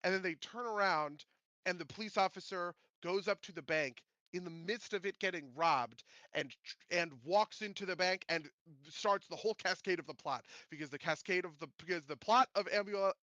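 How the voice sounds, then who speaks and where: A man hosting a podcast, chatting casually about movies in a rambling, animated way with many restarts. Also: high voice, moderate pace, no room sound, dull audio. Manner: rambling, animated, self-interrupting. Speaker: podcast host.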